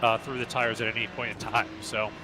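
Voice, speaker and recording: A man's voice: lowish voice, level tone, fairly quick, background noise. A man coaching as he drives on a live stream in a sim racing club, calling out short, clipped driving instructions in a running commentary.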